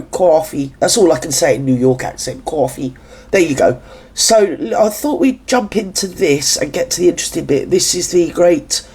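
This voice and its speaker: A man's voice: a little high, a little mellow, husky. A man from England hosting a reaction video, chatty and gossipy with sarcastic asides. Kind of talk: chatty commentary over a clip.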